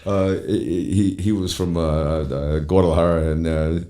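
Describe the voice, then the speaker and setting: Man, podcast host, deep mellow voice, rambling profane storyteller. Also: steady tone, a little slow. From Pacific Northwest of the US. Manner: rambling, profane, laughs often. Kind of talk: casual storytelling chat.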